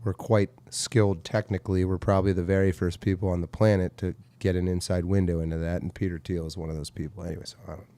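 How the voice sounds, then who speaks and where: A man's voice: deep voice, little pitch movement, fast talker, few pauses, dark tone, no echo. Rambling, profane man in casual chat. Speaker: co-host.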